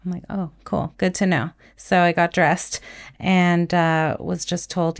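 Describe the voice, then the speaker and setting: Woman, podcast guest, nurse; low gravelly voice, candid and reflective. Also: level tone, a little slow. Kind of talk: casual conversation.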